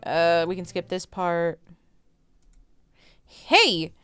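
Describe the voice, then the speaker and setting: A woman's voice: mid-range voice, moderate pace, clean tone, no room sound, faint music behind. A young woman streamer reading a visual novel aloud with playful commentary, laughing often. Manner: playful, laughs often, reads every character's lines. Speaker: gaming streamer.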